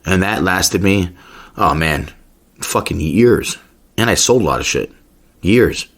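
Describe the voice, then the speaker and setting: Brief: low-voiced male podcast host, husky tone, swears freely while spinning a rambling yarn. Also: slow pace. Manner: profane, rambling and excitable. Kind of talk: casual storytelling rant.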